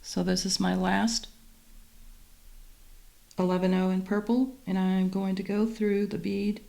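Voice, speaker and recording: A woman calmly guiding viewers step by step through a beading tutorial, describing each move as she works. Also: mid-range voice, unhurried, gravelly. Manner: calm, methodical, talks while working. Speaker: beading instructor.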